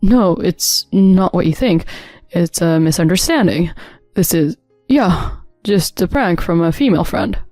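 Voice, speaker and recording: A woman's voice: mid-range voice, moderate pace, dark tone, no room sound, studio quality, soft background music, natural voice. Woman voicing a stammering guilty husband. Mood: nervous. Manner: stammering, defensive. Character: nervous, scheming husband, man.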